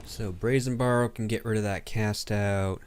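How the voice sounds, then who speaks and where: Low-voiced man thinking aloud. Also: steady tone, moderate pace, background noise. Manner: thinks aloud, counting damage under his breath. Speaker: streamer playing a digital card game. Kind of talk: casual gameplay commentary.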